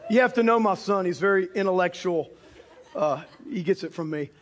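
A man with a strikingly high voice preaches to a congregation, telling a story from the pulpit. He talks animatedly and breaks into loud shouts for emphasis. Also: normal speed, a little hiss or hum. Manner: animated, bursts into shouts for punchlines. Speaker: pastor. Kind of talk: storytelling sermon. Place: church or auditorium with a live congregation.

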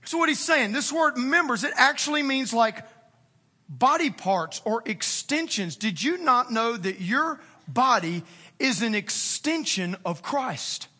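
A male pastor preaching a sermon with fervent emphasis, swinging from near-shouts to hushed, quiet appeals. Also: very high-pitched, lively intonation, a little slow, husky.

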